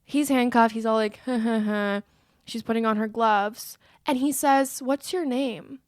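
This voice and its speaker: Young female podcast co-host, slightly high voice, dry close sound, animated recap storyteller. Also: normal speed, dry recording. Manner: animated storytelling, acts out quotes, swears when upset. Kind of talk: casual film recap chat.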